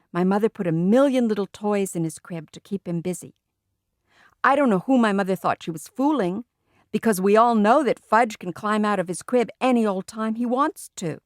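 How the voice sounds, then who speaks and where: Woman narrator, children's storybook, lively first-person telling, dry close sound. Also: medium pitch, no echo. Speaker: audiobook reader.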